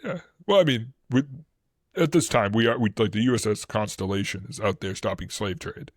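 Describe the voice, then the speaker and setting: Fairly quick and fairly low-pitched, this Boston man casually explains historical events as a podcast co-host. He rambles, restarting often and leaning on fillers, though quotes bring out animation. There's no echo, and the audio is studio quality.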